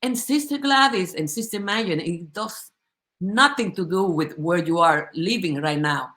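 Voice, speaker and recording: A woman's voice: on the low side, measured pace, fairly bright tone. A woman giving a heartfelt, impassioned testimony in a group conversation, emotional and often restarting her sentences. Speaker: company supporter giving a testimony.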